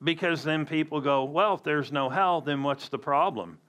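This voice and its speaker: A man's voice: on the high side, moderate pace, fairly bright tone. A man preaching a sermon as a pastor, emphatic with conversational asides.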